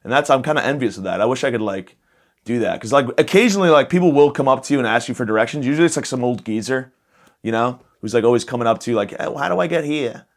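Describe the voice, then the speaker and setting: A man's voice: medium pitch, racing. A young adult man hosting a podcast, rambling through a comic solo monologue with a lot of profanity and self-mockery. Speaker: podcast host.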